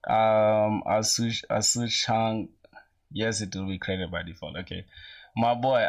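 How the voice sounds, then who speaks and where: A young man in his twenties chatting casually with viewers while coding live, using relaxed slang and thinking aloud, with an occasional cough. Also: fairly low pitch. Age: young adult. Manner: laid-back slangy, greets chat, thinks aloud. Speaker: programming streamer.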